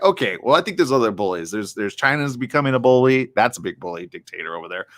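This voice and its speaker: Male morning host, animated and excitable, riffs hard, reads out chat comments. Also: mid-range voice, fast, hardly any pauses. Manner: reads viewer comments aloud. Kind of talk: live streamed talk show chat.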